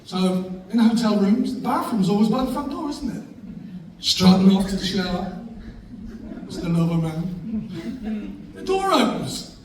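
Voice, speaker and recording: High-voiced man telling funny stories. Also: sing-song, unhurried, long pauses. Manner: jokey anecdotal storytelling, laughing along. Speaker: husband giving a speech. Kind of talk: humorous speech to a live audience. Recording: echoey room from far off, faint noise.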